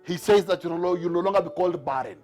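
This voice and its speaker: A man's voice: high-pitched, racing, darkish tone, faint music behind. A man preaching a sermon to a Bible class, driving his points home with repeated rhetorical questions. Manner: emphatic, repetitive rhetorical questions.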